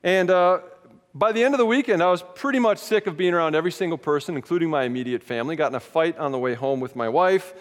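A man's voice: a little high, fast. A man preaching a sermon as a pastor, telling stories in a candid, self-mocking way. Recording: long hall reverb.

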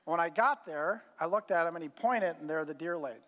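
Speaking fairly quickly in a slightly high, fairly bright voice, a middle-aged pastor shares folksy sermon stories loaded with fillers. The recording has the reverb of a hall.

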